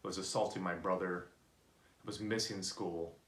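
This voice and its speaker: Low-pitched male motivational speaker, earnest and candid, recorded in an echoey room. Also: moderate pace. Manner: earnest storytelling, animated when voicing others. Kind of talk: personal motivational talk.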